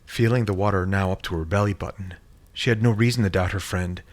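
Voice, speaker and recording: A man reading a horror story in a measured, dramatic storytelling manner. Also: sits low, fairly even intonation. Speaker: narrator. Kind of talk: scripted horror story narration.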